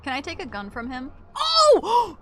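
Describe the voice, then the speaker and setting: A woman's voice: extremely high pitch, wildly swooping pitch, a little slow, over music. A young woman streaming a video game, chatting casually to her viewers, giggly and self-mocking, swearing freely. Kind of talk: casual gaming stream chat.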